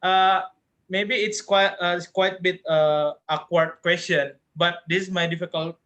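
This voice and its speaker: Casting: Batak-accented Indonesian man, fairly high, bright tone, hesitant English on a video call. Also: level tone, lo-fi sound. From South Kalimantan, Indonesia. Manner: halting, many fillers and restarts. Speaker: online English club participant. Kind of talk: casual question in a group video call.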